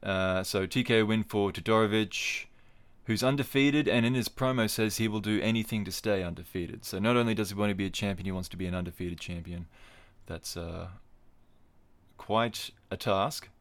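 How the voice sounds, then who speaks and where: Male podcast host, lower voice, dry jokey tangents while he runs through results. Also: normal speed. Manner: wry, digressive, jokey asides. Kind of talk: casual solo podcast commentary.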